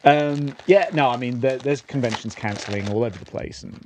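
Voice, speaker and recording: A British man co-hosting a casual chat, talking in a rambling, halting way. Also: medium pitch, background noise. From Britain. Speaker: co-host.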